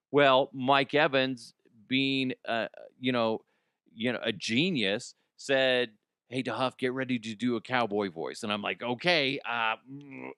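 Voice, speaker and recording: Podcast host, man, smooth clear voice, rambling jokey delivery, dry close mic. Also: medium pitch, a bit bright, no room sound. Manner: rambling, joking, laughs often. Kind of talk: comic news podcast chat.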